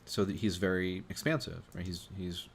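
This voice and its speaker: A man with a very low, gravelly voice talks through charts in a loose, thinking-aloud way, full of fillers and restarts. A faint background hum sits under his voice. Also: fairly even intonation, moderate pace. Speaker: astrologer host. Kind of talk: informal talk walking through charts.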